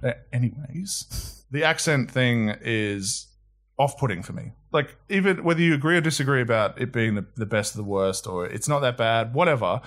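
A man from New Zealand, co-hosting a casual film chat and giving opinions with quick asides. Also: mid-range voice, animated, a bit bright. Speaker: podcast co-host.

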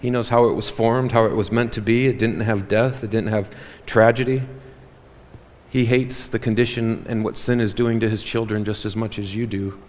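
A man preaching a sermon as pastor, animated and joking with the congregation. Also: on the low side, normal speed. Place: church hall. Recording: reverberant church hall.

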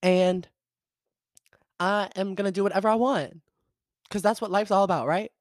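A young man in his twenties with a Southern US accent hosts a casual solo podcast, rambling in an upbeat way with lots of fillers, laughs and theatrical jumps in pitch. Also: steady tone, normal speed, no echo. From American South. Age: 20s. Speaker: podcast host.

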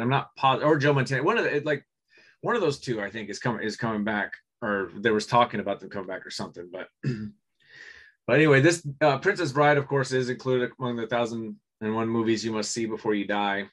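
A man co-hosting a casual movie podcast, rambling with many restarts and frequent throat clearing. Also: medium pitch, a little fast, fairly bright tone. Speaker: podcast co-host. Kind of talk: casual chat about movies.

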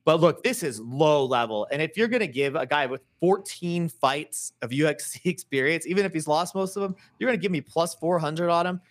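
A man's voice: on the high side, fairly quick, hardly any pauses. A man co-hosting a podcast who gives his fight picks in a blunt, opinionated, dismissive way. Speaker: podcast co-host. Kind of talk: casual podcast chat about fight picks.

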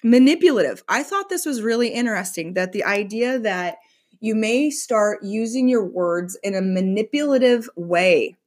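A middle-aged woman giving a casual spiritual teaching talk, chatty and animated, with playful asides. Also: mid-range voice, normal speed.

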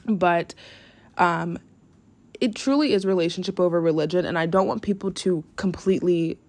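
A woman's voice: on the low side, normal speed, darkish tone. A young woman hosting her own podcast, chatting casually and earnestly, rambling with lots of "like" and "um". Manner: rambling, heavy use of "like", earnest and grateful. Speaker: podcast host. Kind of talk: casual solo podcast chat. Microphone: podcast mic, no camera.

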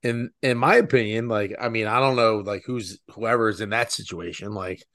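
A man's voice: fairly low pitch, steady tone, normal speed, fairly bright tone, dry recording. Guy rambling on a podcast, says like a lot, dry close sound. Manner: rambling, many "like" fillers. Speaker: podcast co-host. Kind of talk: casual chat.

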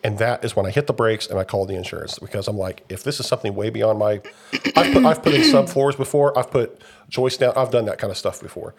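Hoarse man telling a rambling story. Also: lowish voice, fast talker. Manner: rambling storyteller, animated when retelling events. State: recovering from covid, slightly hoarse. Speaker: podcast co-host. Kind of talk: casual chat.

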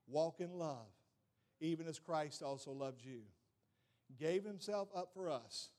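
A man's voice: on the high side, a little mellow. A middle-aged male pastor preaching a sermon with emphasis, often saying "watch this" and putting questions to the congregation.

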